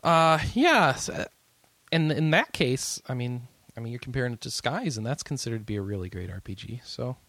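Lively-voiced man joking on a podcast. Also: medium pitch, a little fast, no room sound. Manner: joking, trails off mid-sentence. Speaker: podcast co-host. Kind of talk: casual podcast chat.

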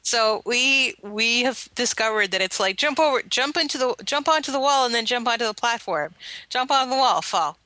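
Bright-voiced woman rambling casually. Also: on the high side, animated, moderate pace, no room sound, poor audio. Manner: rambling, self-deprecating storytelling. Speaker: podcast co-host. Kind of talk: casual chat.

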